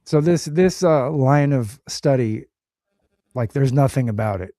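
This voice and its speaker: A man in a casual chat who speaks haltingly, often restarting his sentences. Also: mid-range voice, expressive, dark tone, dry recording, studio quality.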